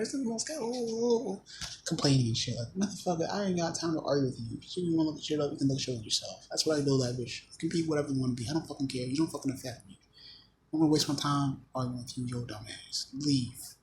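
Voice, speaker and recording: A man's voice: medium pitch, slight background noise, poor audio. A man talking to camera in a rambling, profanity-heavy monologue, often hesitating and restarting his sentences. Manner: swearing constantly, hesitant, restarting. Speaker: channel host.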